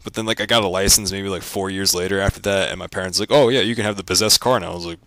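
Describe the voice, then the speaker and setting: Low-voiced young man rambling casually. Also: quick pace, few pauses. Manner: rambling, filler-heavy, deadpan jokey. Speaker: vlogger.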